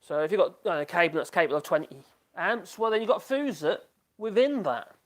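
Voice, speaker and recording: A man's voice: high-pitched, lively intonation, fairly quick. A middle-aged man, chatting casually on a live stream in a rambling way, trailing off and restarting his sentences.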